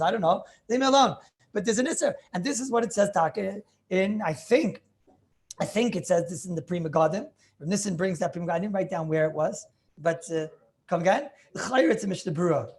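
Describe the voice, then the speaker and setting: His voice is high with a darkish tone. He teaches as a rabbi over a video call, lecturing emphatically on religious law and reasoning aloud as he puts questions to his students.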